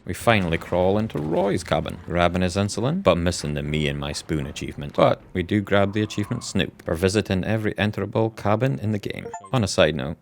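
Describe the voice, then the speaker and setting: A man's voice: sits low, creaky. A Scottish man commenting on a horror game playthrough with sweary, joking reactions. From Scotland. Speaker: gaming YouTuber.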